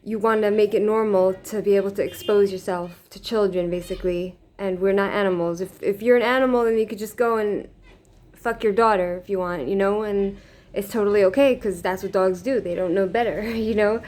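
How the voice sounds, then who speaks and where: A woman's voice: medium pitch, steady tone, fairly quick, darkish tone. A woman telling a personal story to her camera in a rambling, casual way, with many fillers, restarts and frequent laughs. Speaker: vlogger. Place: living in Israel.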